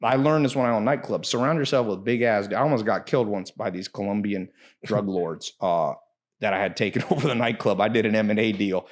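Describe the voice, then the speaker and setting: A man's voice: lowish voice, a little fast. Brash, profane man telling stories. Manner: brash, profane storytelling with bursts of emphasis. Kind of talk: casual podcast talk.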